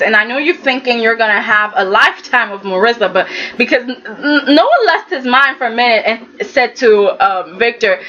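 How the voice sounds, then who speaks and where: A woman giving a casual, animated recap of a soap opera episode, talking straight at the characters. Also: fairly high pitch, normal speed, muffled recording, a little hiss or hum.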